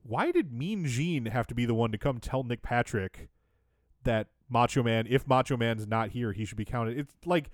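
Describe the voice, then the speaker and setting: A man's voice: medium pitch, animated, moderate pace, dry recording, clean studio sound. A man co-hosting a podcast, recapping in casual chat with a sarcastic, wry tone and frequent laughs. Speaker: podcast co-host.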